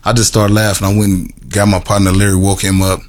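A middle-aged or older man giving an earnest personal testimony to a group, with halting, repetitive phrasing and many restarts. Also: sits low, level tone. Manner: earnest and emotional, laughs at himself. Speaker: formerly incarcerated man telling his story.

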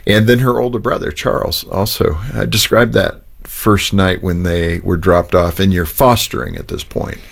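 Low gravelly-voiced male interview host. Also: moderate pace, hardly any pauses. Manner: relaxed, explains with statistics. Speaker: talk show host interviewing an author. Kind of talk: conversational interview.

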